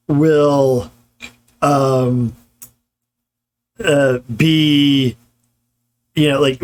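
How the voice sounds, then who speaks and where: A man giving a live-streamed grammar lecture, talking casually with many fillers and restarts while answering chat. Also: fairly high pitch.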